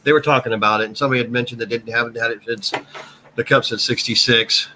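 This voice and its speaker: An American man chatting casually on a live stream, halting and often restarting his sentences. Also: mid-range voice, steady tone, pushed and bright, slight background noise. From United States. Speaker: chat guest.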